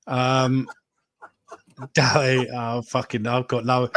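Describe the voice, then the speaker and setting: A man's voice: medium pitch, moderate pace, creaky, no room sound. A man hosting a football podcast, joking crudely and calling everyone "mate". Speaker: podcast host. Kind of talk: casual banter reading out names.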